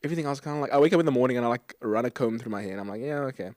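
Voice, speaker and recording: A man's voice: medium pitch, expressive, racing, a little mellow. A man hosting a casual podcast chat, joking and laughing with his co-hosts, from South Africa. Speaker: radio host.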